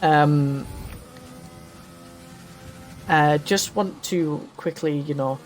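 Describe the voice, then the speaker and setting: A man's voice: on the high side, very slow, soft background music. A man hosting a casual podcast, joking and laughing often while he drives a practice lap, his throat a little dry. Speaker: podcast host. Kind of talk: casual banter while sim racing.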